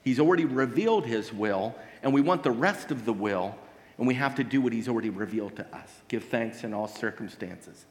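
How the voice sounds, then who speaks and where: A male pastor delivering a sermon in an earnest, pleading way, pressing his points with rhetorical questions. His voice sits at an ordinary middle pitch for a man. It rings out with a long reverb, as in a large church hall. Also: expressive, a little fast, a little mellow.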